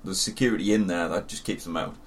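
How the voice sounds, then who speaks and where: A man's voice: deep voice, quick pace, breathy edge. A man with a Northeast English accent, co-hosting a podcast in casual chat, telling sweary anecdotes with laughter. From northeast England. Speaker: podcast co-host.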